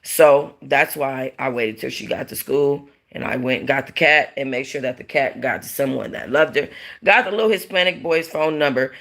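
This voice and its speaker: A woman's voice: rumbling low, moderate pace, gravelly, fairly bright tone. A woman hosting a casual livestream, talking bluntly to her chat, rambling and swearing freely. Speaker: livestream host.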